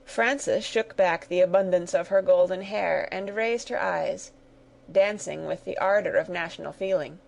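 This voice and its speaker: A woman narrating a graded reader story in a steady, clear storytelling manner. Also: fairly low pitch, measured pace, rough recording.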